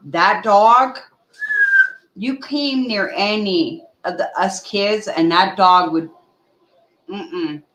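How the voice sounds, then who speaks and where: A woman's voice: medium pitch, a bit bright, echoey room, low-quality recording. A woman chatting casually on a livestream at home, talking through earbuds, laughing and scolding a playful puppy. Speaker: livestream co-host.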